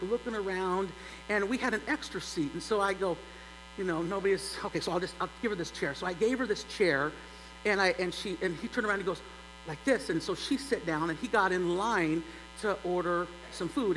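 Bright-voiced preacher telling a funny story. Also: male voice, high voice. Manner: animated, builds to loud exclaims. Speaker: pastor. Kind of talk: humorous sermon storytelling. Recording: long church reverb, faint hum.

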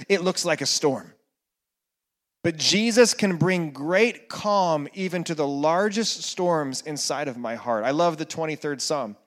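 A male pastor with a high voice delivers a sermon at an unhurried pace. He lets key phrases fall to a hush, then builds back up with emphatic questions. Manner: slow, with dramatic hushed repetitions and rising emphasis.

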